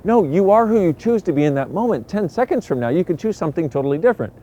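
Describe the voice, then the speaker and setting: A man giving a casual motivational talk to camera, animated and lively, acting out the voices he quotes. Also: sits high, quick pace, lo-fi sound. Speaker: self-help speaker.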